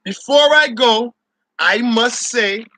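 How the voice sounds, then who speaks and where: Male host, high and sharp-toned, profane laughing rant, dry mic. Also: slow, dry recording. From Barbados. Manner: loud, profane, laughing, mocks others in shouted voices. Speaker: show host. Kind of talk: ranting opinion monologue.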